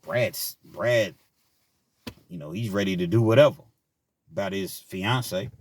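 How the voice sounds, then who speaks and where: A middle-aged man casually telling a personal story, laughing often and swinging between loud bursts and quiet asides. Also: fairly low pitch, a little slow, dry recording. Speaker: storyteller vlogger.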